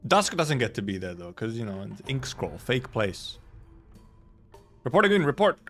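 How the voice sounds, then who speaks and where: A low-voiced man reads a game's story text aloud on a live stream, keeping the reading plain and dropping in dry, joking asides of his own. Quiet music plays under his desk-mic voice. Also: sing-song, moderate pace. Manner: wry, chatty asides between plain read-aloud lines. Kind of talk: casual live reading with commentary.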